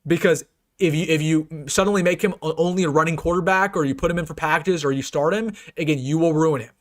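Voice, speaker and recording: A man's voice: fairly high pitch, fast. A young man hosting a sports fan channel, ranting casually and earnestly with many restarts and repeated phrases. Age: young adult. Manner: earnest and repetitive, many restarts, turns loud and taunting. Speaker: sports YouTuber and host. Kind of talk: casual fan rant to a live stream.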